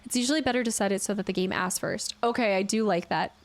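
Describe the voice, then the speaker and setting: A woman's voice: mid-range voice, fast talker. A woman streaming a game in a chatty, playful way, thinking aloud and thanking viewers from chat. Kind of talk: casual gameplay commentary.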